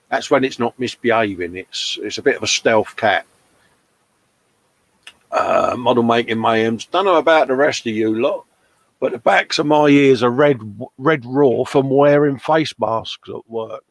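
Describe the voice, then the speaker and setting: A British man in his fifties, co-hosting a casual livestream chat, jokey and matey as he reads out viewer comments. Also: mid-range voice. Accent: British English. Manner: chatty, jokey, says "mate" a lot. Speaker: livestream co-host.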